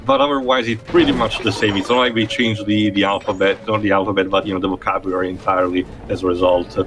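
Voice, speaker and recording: Man, measured let's-play commentary. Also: on the low side, fairly even intonation, fairly bright tone, slight background noise. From Italian-speaking Switzerland. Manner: measured, thoughtful, often pausing to find words. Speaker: game player and commentator.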